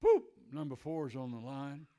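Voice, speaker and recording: An older male preacher delivering a sermon, swinging between shouted declarations and hushed, tender passages. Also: mid-range voice, big pitch swings, normal speed, muffled recording.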